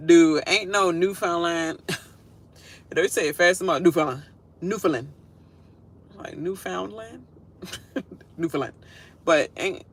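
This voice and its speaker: A woman's voice: lowish voice, fairly bright tone. A woman giving a casual, sassy reaction rant, laughing often and mimicking people in whiny voices. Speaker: reality show commentator.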